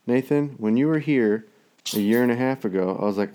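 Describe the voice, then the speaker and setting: A man's voice: medium pitch, brisk, mellow. A man in casual chat, rambling through everyday stories and swearing constantly.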